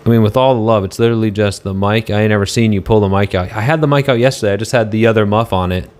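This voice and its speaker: A man's voice: fairly low pitch, rapid-fire, darkish tone, a little hiss or hum. A man on a casual live stream, answering chat in a rambling, argumentative way and swearing now and then.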